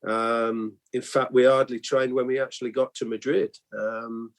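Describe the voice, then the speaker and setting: A former footballer telling a training anecdote with hesitations and fillers. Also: male voice, mid-range voice, little pitch movement, moderate pace. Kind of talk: reminiscing interview.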